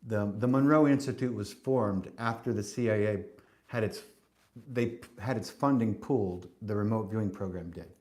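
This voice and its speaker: A man's voice: fairly low pitch, normal speed, a little mellow. A man hosting a podcast, delivering a spiritual monologue in an emphatic, preachy way, cursing and restarting often. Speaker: podcast host.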